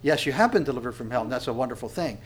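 A man preaching a sermon, reading scripture loudly and dropping low for asides, with rhetorical questions to the listeners. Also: lively intonation, racing, breathy edge. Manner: emphatic, swells loud on scripture quotes and drops low for asides.

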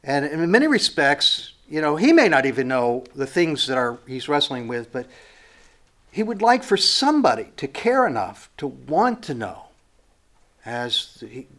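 A man preaching a sermon in a reflective way, with frequent pauses and fillers, moving from hushed lines to emphatic rising phrases. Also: fairly high pitch, very animated.

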